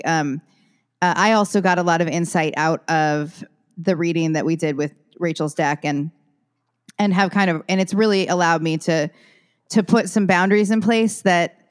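A woman's voice: fairly low pitch, normal speed, clear, resonant tone. A woman co-hosting a podcast, talking thoughtfully with frequent restarts as she questions her own habits. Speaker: podcast co-host. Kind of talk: casual chat.

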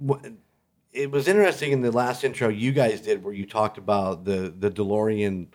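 A man's voice: lowish voice, moderate pace. A man who is a guest on a podcast, telling stories in an easygoing, laughing way. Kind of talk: casual podcast chat.

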